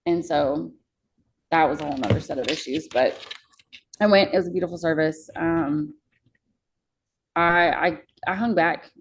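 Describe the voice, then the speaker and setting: A young woman with a low voice shares a personal story as a podcast guest. Her tone is raw and casual, with plenty of swearing, and her voice has a gravelly edge. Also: normal speed, long pauses, slight background noise, low-quality recording. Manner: candid, swears freely.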